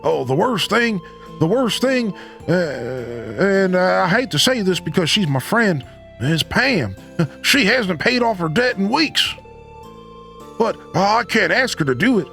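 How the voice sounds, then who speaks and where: Man doing a high, whiny, gravelly game barkeeper who frets and begs. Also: very animated, unhurried, pushed and bright, soft background music, heavily acted. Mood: fretful. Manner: worried, whiny, pleading. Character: fretful middle-aged male barkeeper.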